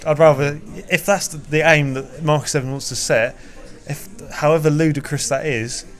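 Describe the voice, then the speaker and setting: A man's voice: on the high side, fairly even intonation, normal speed, faint music behind. An English man speaking as a fan guest, ranting passionately and swearing. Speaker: fan guest, protest organiser.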